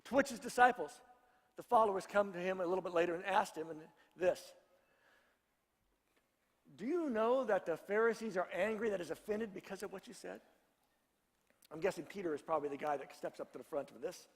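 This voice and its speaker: A male pastor with a notably high voice preaches in an easy, conversational way and banters with the congregation. His words ring out with a long reverb, as in a big sanctuary. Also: animated, a little fast, husky. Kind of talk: sermon. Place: church sanctuary.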